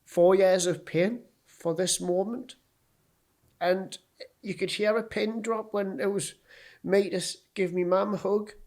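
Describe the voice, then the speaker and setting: A man's voice: high voice, steady tone, measured pace, darkish tone. A man with a Geordie accent, a podcast guest telling a personal story in a blunt, sweary way and acting out what people said. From North East England.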